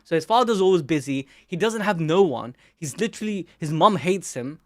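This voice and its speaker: A young man hosting an anime channel, reacting live to a manga chapter in an excitable, slangy, exclamatory way. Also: on the high side, brisk, no room sound, studio quality.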